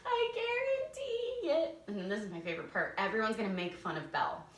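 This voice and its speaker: A woman's voice: fairly low pitch, racing, a bit bright. A woman theater teacher giving casual, enthusiastic stage directions, laughing often. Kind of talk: casual instructional talk. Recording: roomy echo, distant from mic.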